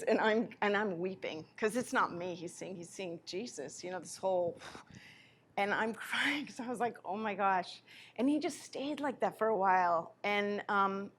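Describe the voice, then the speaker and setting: A spiritual teacher giving a live lecture, telling personal stories in an animated way and often correcting herself mid-sentence. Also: female voice, medium pitch. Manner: animated anecdotes with self-corrections.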